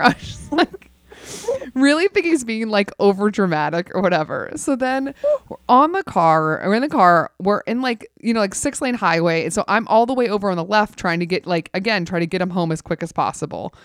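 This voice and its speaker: A woman telling a story in casual chat, animated and wry, with many fillers. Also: medium pitch, fairly quick, dry recording, studio quality. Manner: wry, laughs through the telling.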